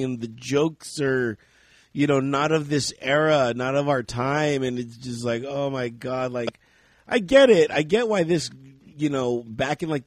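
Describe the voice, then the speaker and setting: A man hosting a casual podcast chat, quick to laugh and to act out how he reacted in jumps of voice. His voice sits in an ordinary middle range, and the close recording is dry, with no room sound. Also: mid-range voice, no echo. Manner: animated, laughs often, acts out his own reactions. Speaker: podcast host.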